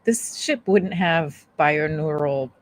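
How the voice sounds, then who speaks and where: Woman, tabletop game player, slow, lowish voice, hesitant, thinking aloud. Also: expressive, a little hiss or hum. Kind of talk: casual tabletop game chat.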